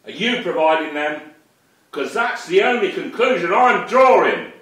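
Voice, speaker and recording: A man's voice: high voice, big pitch swings, unhurried, fairly bright tone. A man ranting angrily to camera in an unscripted, profane tirade, accusing someone directly. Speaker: online commentator. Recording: very echoey room, far from the mic.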